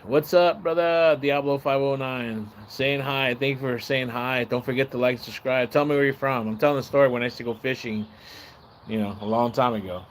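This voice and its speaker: A man livestreaming, telling a long casual story in a rambling, profane way and acting out the shouts and voices of the people in it. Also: medium pitch, steady tone, fairly quick, slight background noise. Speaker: live streamer. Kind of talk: casual storytelling on a live stream.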